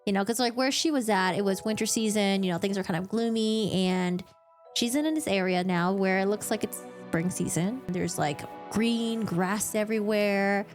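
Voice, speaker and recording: A woman recapping a fantasy novel in a chatty, animated way, interrupting herself and laughing often. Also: mid-range voice, normal speed, soft background music. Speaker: streamer recapping a book. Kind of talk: casual book recap.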